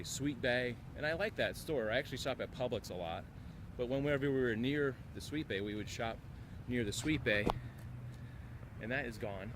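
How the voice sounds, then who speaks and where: A man with an ordinary mid-range voice rambles wistfully, thinking aloud as he stands outside a shopping plaza. Traffic and passing vehicles are clearly heard around him, and the handheld camera mic picks up the open street. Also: mid-range voice. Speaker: vlogger. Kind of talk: casual walking vlog. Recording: outdoor street noise. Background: traffic and vehicle noise, a plane overhead.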